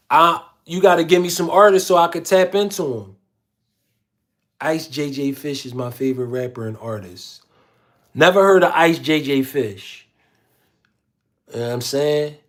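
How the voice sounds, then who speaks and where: Man, livestream host, slangy and easygoing, fairly high voice. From Philadelphia. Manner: slangy, laid-back, repeats phrases. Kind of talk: casual livestream chat reading viewer comments.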